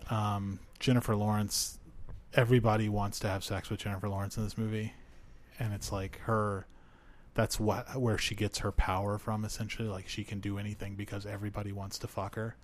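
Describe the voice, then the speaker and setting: A man's voice: on the low side, flat delivery, a little fast. A man on a podcast reviewing a film in casual chat, rambling with lots of fillers and swearing. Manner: rambling, profane, many fillers, laughs often.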